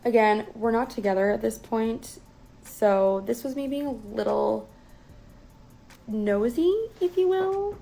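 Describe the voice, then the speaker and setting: A young woman tells a personal story in a loose, chatty way, swearing freely and leaning hard on key words. Her voice sits a bit high for a woman, and her delivery is animated and emphatic. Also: slow pace, vocal fry, low-quality recording. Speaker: guest. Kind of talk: casual storytelling.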